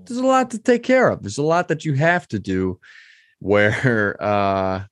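A Michigan man hosts his own podcast in a casual solo monologue, rambling loosely with plenty of ums and restarts. His mid-range voice is unhurried, and the studio-quality recording has no room sound.

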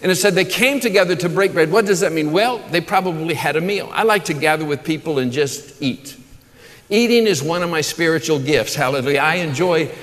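A man's voice: a little high, a little fast. Fervent preacher man in a reverberant hall. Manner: enthusiastic, repeats words and restarts with frequent uh; warm asides to the congregation and online viewers. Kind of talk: sermon. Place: church auditorium with a congregation.

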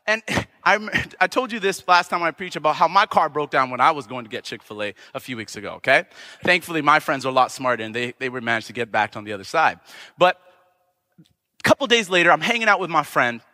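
Male preacher, high bright tone, impassioned and rising to shouts, church hall echo. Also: lively intonation, a little fast. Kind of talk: sermon. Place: church sanctuary. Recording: long church hall reverb.

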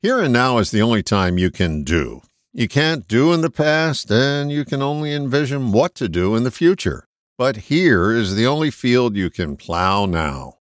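Man reading a reflective essay, lively. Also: on the low side, dry recording, studio quality. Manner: measured, emphatic, lively intonation. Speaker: host of a short reflective segment. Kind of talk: read personal essay.

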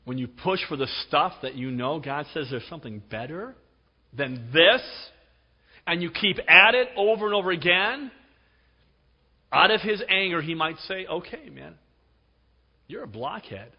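A middle-aged man preaching a sermon, telling stories with emphasis and dropping to a hush for effect. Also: fairly high pitch, lively intonation, normal speed. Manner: storytelling, emphatic, with dramatic drops to a hush. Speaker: pastor. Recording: dull recording with long hall reverb.

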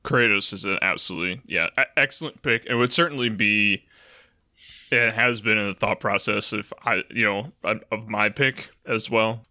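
Bright-voiced man hosting a podcast. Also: on the low side, normal speed, dry recording, studio quality. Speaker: podcast host. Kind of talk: casual chat.

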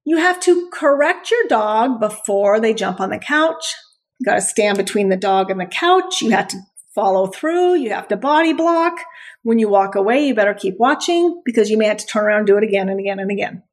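A woman giving a blunt, animated talk as a dog trainer hosting a show, laughing often. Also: mid-range voice, a little fast. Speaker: dog trainer and podcast host. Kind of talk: instructional talk.

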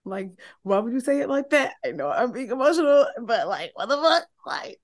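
A woman co-hosting a casual podcast, emphatic and quick to laugh, swearing freely as she talks. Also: on the high side, sing-song. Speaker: podcast co-host.

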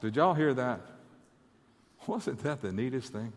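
A man's voice: medium pitch, animated, unhurried, long reverb tail, natural voice. A man voicing God the Father as a fond, amused figure who talks chattily.

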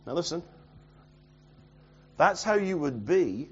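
A man preaching a sermon as a pastor, swinging from loud urgent lines to quiet near-mutters. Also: on the high side, lively intonation, a little fast, lo-fi sound, faint music behind.

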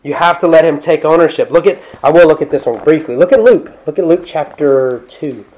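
A man with a slightly higher voice preaches in a church with loose, talkative energy. He drifts between reading scripture and chatty asides, often restarting mid-sentence. His pitch and loudness swing widely as he acts out little scenes. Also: brisk, muffled recording. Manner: conversational, animated, self-interrupting with asides. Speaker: pastor. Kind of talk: sermon.

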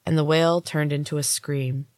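A woman podcast host narrating a first-person story in a measured storybook reading. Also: low-pitched, level tone, darkish tone, no room sound.

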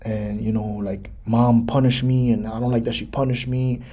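Mellow, husky-voiced male podcast host. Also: medium pitch, level tone, moderate pace. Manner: conversational, loose, many fillers like "you know". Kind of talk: casual solo podcast talk.

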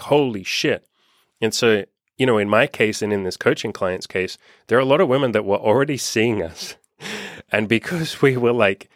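A man's voice: on the low side, dry recording, clean studio sound. A young man coaching on dating, talking candidly and casually, acting out quoted texts and swearing freely. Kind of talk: casual monologue to camera.

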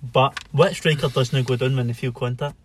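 A man's voice: mid-range voice, fairly even intonation, moderate pace, slight background noise. A young Scottish man co-hosting a football podcast, pressing his point insistently. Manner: argumentative, insistent. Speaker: podcast co-host. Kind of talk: casual football chat.

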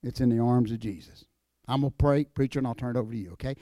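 An older man, a former wrestler speaking in a church, emphatic and folksy, dropping to a hushed voice in prayer. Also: mid-range voice, rapid-fire, dry recording, clean studio sound. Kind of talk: evangelistic church talk.

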